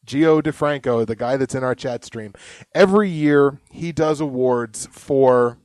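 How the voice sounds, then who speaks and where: A man's voice: mid-range voice, unhurried, a little mellow, no echo. Chatty young man, dry close sound. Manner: chatty, laughs often, rambling. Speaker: podcast co-host. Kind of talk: casual live podcast chat.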